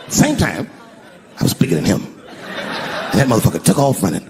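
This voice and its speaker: A man telling a profane stand-up story on stage, breaking into shouted impressions. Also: high voice, huge pitch swings, fast, pauses often. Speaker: stand-up comedian. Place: comedy stage before a live audience. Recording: live show with crowd laughter and noise.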